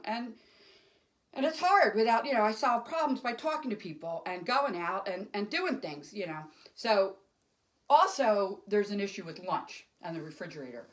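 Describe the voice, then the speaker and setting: A woman's voice: mid-range voice, fairly bright tone. A middle-aged woman doing solo stand-up to camera at home, rambling and emotional, jumping between topics. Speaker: stand-up comic. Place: home, alone.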